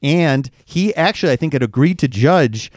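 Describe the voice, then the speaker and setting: A man's voice: a little high, animated, normal speed, dry recording, clean studio sound. A man co-hosting a casual podcast, telling stories with lots of fillers and restarts. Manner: storytelling, many fillers and restarts. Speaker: podcast co-host.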